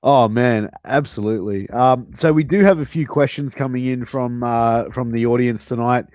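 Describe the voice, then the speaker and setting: Relaxed male podcast host, dry sound. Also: medium pitch, moderate pace, dry recording. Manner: relaxed, agreeable, reads out audience questions. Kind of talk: casual interview.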